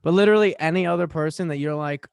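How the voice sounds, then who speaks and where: A young man co-hosting a podcast, relaxed and teasing his friend. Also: a little high, fast talker, vocal fry, smooth, no echo, clean studio sound. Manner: laid-back, laughing, teasing. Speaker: podcast co-host. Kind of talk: casual chat.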